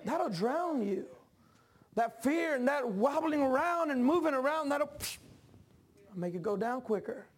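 A man preaching a sermon as pastor, talking with the congregation in casual asides and climbing into animated, shouted passages. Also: very high voice, moderate pace.

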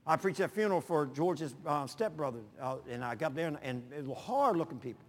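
A man pastor preaching in a folksy, animated way, telling personal stories with sudden loud bursts. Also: on the high side, fairly quick, long reverb tail.

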